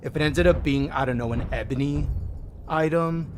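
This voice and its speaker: A man's voice: a little high, normal speed, slight background noise. Chatty man streaming a game. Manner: relaxed, chatty, reads chat aloud. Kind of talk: casual game-stream chat.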